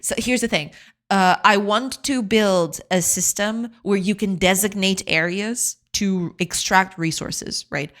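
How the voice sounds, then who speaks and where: A woman game developer streaming live, chatting casually, explaining her work slowly and often restarting mid-sentence. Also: medium pitch, a bit bright. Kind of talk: casual livestream chat.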